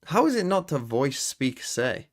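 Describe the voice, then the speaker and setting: A male streamer with a gravelly, fry-laden voice at an ordinary pitch for a man. He talks in a loose, casual way, reads chat aloud and mutters guesses to himself while puzzling something out. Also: very animated, unhurried.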